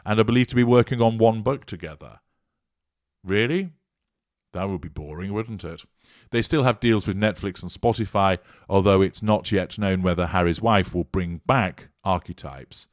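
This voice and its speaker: A man with a very low voice delivers scripted commentary, dripping with scorn and sarcasm. His voice is recorded close and dry, with no room sound. He reads out news lines and then picks them apart. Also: no room sound.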